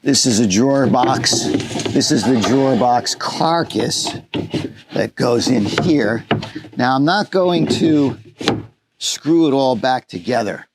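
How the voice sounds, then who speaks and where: Slow, folksy man showing a van build. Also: mid-range voice, lively intonation, heavy background noise. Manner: folksy, plainspoken, demonstrating while talking. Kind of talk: hands-on build walkthrough. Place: inside a van.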